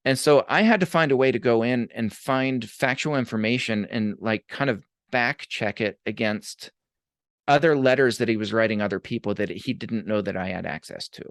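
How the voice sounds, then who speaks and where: A man speaks as a podcast guest, telling a story in a relaxed, conversational way. He slips into the voices of the people he quotes. His mid-range voice is recorded close, with a dry sound. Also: medium pitch, moderate pace, no echo. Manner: animated, acts out quoted voices. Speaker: podcast guest, abuse advocate.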